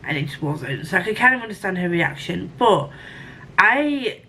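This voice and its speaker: A woman's voice: lowish voice, big pitch swings, moderate pace, bright, forceful tone, low-quality recording. A woman book vlogger chatting casually about her reading, rambling and often correcting herself.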